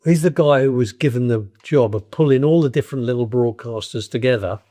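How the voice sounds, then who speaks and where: A man's voice: mid-range voice, fairly quick, mellow. Older Cockney man, blunt storyteller. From East London, England. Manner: blunt, anecdotal, frequent restarts. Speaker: guest. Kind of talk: casual storytelling conversation.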